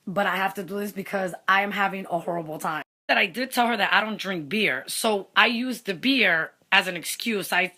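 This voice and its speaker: A young woman casually telling a story, animated, slipping Spanish phrases in among many "like" fillers. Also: medium pitch. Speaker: vlogger.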